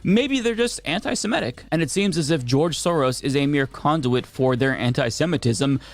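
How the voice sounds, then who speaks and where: A man giving scripted political commentary in a measured, argumentative way. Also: fairly high pitch, lively intonation. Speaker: political commentator in a played video.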